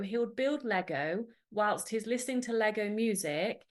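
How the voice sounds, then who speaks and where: Brief: English-accented woman guest, bubbly and gushing, casual chat, mid-range pitch. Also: animated, unhurried. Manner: enthusiastic, chatty, gushing. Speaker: podcast guest.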